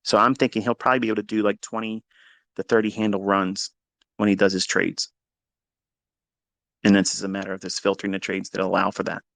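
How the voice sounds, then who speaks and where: A man's voice: lowish voice, little pitch movement, fast talker, creaky, long pauses, a bit bright, no echo. A man coaching traders in a blunt, profane motivational monologue. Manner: profane, emphatic, preachy. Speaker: trading coach.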